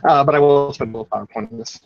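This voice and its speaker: A man's voice: mid-range voice, racing, gravelly, muffled recording. A man playing a tabletop role-playing game, describing his character's actions in a casual, rambling way with frequent swearing. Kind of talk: tabletop role-play narration.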